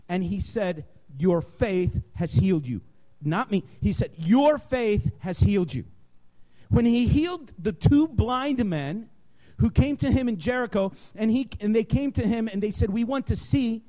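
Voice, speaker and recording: A man preaching a sermon, impassioned and emphatic, at times raising his voice to a shout. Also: high voice.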